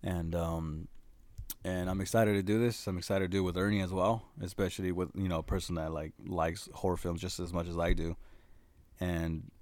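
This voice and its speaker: A low-voiced man hosting a casual podcast, talking loosely and laughing often. He swears freely and restarts his sentences. The sound is dry and close. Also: little pitch movement, normal speed, darkish tone, no room sound. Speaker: podcast co-host. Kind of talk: casual chat.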